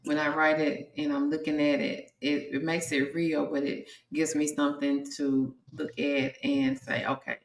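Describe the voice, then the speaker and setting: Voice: medium pitch, flat delivery, a little slow, few pauses, echoey room, recorded from a distance. A co-host on a radio talk show, speaking reflectively and affirming the others.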